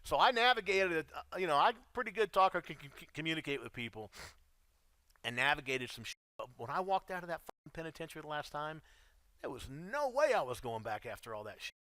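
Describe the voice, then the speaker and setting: A man's voice: on the high side, very animated, fast talker, pushed and bright, dry recording. A middle-aged man telling his life story in a casual, blunt, profane way, calling the listener dude.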